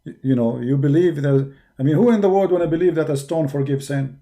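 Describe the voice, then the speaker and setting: This is an argumentative man with an Arabic accent, preaching in English as his second language. His voice sits fairly high but sounds dark and mellow. It has a gravelly, fry-laden texture. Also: fast talker. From Arab world. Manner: forceful, argumentative, with non-native grammar. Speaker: religious debater. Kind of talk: preaching monologue.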